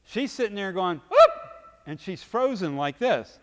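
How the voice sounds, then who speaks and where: A man preaching, telling a story vividly and acting out its scenes, his loudness swinging from hushed to booming. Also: sing-song, normal speed, long reverb tail. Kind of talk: sermon storytelling.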